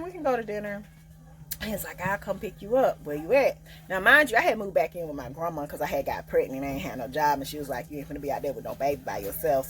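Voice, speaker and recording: A young woman telling a casual storytime, loud and sassy, acting out each quote. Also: rough recording. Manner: animated, acts out quotes with big pitch jumps; loud, sassy, Southern Black vernacular. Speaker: storyteller vlogger.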